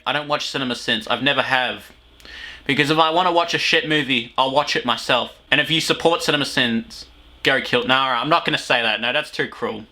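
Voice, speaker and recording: A man's voice: mid-range voice, fairly quick, bright, forceful tone. A young man with an Australian accent, hosting a comedic video review and rambling crudely between jokes. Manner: crude, joking, rambling with fillers. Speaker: host.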